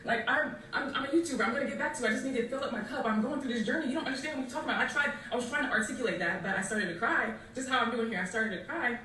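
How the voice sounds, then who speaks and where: A woman's voice: on the high side, rapid-fire, few pauses, bright, forceful tone, distant mic, a little hiss or hum. A woman in her thirties recounting her own story in a rambling, emotional way, recorded off mic in an echoey room. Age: 30s. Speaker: YouTuber in a played clip. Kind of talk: casual storytelling.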